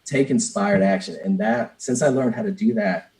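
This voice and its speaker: A man's voice: on the low side, normal speed, darkish tone, poor audio. Man, interview guest, candid and earnest, many restarts, conversational. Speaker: business coach, podcast guest.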